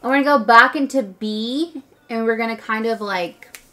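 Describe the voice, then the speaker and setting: A woman's voice: on the high side, moderate pace, sharp tone, faint music behind. A young woman chatting casually through a makeup tutorial, rambling and saying "like" a lot. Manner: chatty, rambling, says "like" often. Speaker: beauty vlogger.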